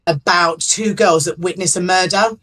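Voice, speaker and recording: A woman's voice: lowish voice, normal speed, a bit bright. A woman actress chatting as a podcast guest in a chatty, self-deprecating way, laughing easily. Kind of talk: casual interview chat.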